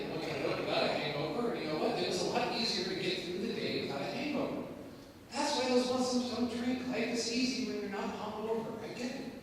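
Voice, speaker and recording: An American man in his thirties telling his personal story as a guest speaker, animated, with sudden loud rises. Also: fairly high pitch, slight background noise. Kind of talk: personal testimony talk. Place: large echoey hall. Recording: echoey hall, distant mic.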